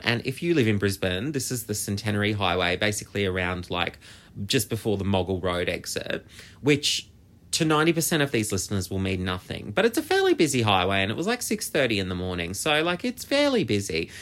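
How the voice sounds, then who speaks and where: An Australian man hosts a podcast alone and tells a story in casual talk. His pitch jumps around with lively, expressive swings while he chats on. He swears freely and scatters "like" through his sentences. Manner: animated, chatty, swears, many "like" fillers. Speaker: podcast host.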